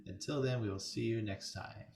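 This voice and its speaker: A man's voice: lowish voice, moderate pace, gravelly, darkish tone. Upbeat man podcast host. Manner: upbeat and affirming, chiming in often. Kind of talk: casual chat.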